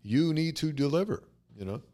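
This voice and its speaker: A man's voice: on the high side, lively intonation, moderate pace, dark tone. Blunt, cursing man on a comedy podcast. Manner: blunt and profane. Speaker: comedian co-host. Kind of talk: casual podcast chat.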